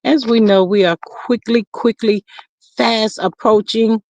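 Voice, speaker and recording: A woman hosting a casual live stream, chatting with viewers and reading their comments aloud in a lively, drawn-out way. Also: dry recording. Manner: chatty, lively, drawn-out greetings, sudden high exclamations.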